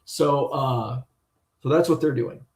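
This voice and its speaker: A man's voice: mid-range voice, takes it slowly, a little mellow. Rambling, cussing man venting. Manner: rambling and profane, retelling with exasperation. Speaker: sports card collector vlogger. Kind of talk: casual venting monologue.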